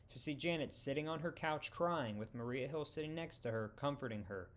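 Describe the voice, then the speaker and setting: Young man, fan story narration, even delivery, mid pitch. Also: brisk.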